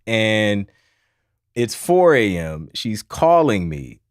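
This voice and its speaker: A man's voice: fairly low pitch, big pitch swings, slow, no echo, clean studio sound. A man hosting a livestream, chatting casually and telling a rambling story with frequent laughs and repeated phrases. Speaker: livestream host.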